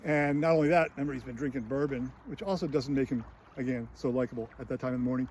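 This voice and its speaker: A man's voice: medium pitch, very fast, a little mellow, slight background noise. A man in a casual film critique, recounting scenes in a chatty way with many fillers and brief put-on voices. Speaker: screenwriting channel host.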